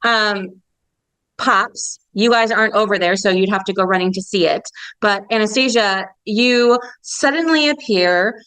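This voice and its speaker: A woman's voice: mid-range voice, measured pace, a bit bright, clean tone, no room sound, rough recording. A woman narrating a tabletop game as game master, chatty with many fillers.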